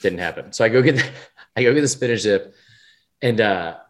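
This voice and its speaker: A man's voice: fairly low pitch, animated, fairly quick. Rambling man telling a story. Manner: rambling storyteller, swears freely, acts out quotes. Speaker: podcast co-host. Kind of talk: casual chat.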